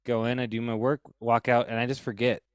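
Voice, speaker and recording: A man's voice: medium pitch, fairly quick, clear, resonant tone, dry recording. A man on a podcast talking casually and loosely, filling his speech with "like" and "you know". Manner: relaxed, heavy on fillers like "like" and "you know".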